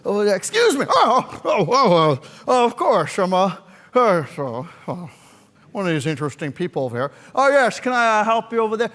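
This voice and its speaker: A bumbling hotel desk clerk, played by a man telling a story, stammering through every reply. He drops lower than the teller's own voice but still sits high for a man. A long reverb of a large hall hangs behind him. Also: big pitch swings, moderate pace, a bit bright. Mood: puzzled. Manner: hesitant, stammering.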